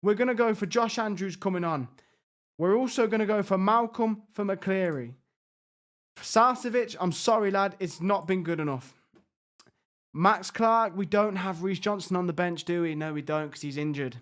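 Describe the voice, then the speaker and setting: A man reacting out loud as he plays a football management game, exasperated and excitable, talking to his players. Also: high-pitched, normal speed. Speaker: gaming YouTuber.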